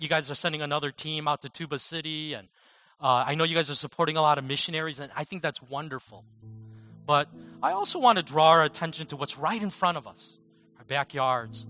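A man giving a storytelling sermon as a guest speaker and physician, mixing personal anecdotes and self-deprecating laughs, moving from animated passages to very soft, slow ones. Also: on the high side. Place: church service.

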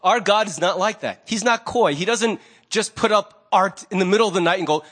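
A man, a pastor, preaching a sermon in a conversational, animated way. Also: high-pitched, normal speed.

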